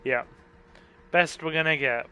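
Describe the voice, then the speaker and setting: Tired male let's play host, unhurried, jokey, a bit high-voiced. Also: pushed and bright, smooth. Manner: joking, chatty, self-deprecating. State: tired, yawning. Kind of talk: casual gameplay commentary.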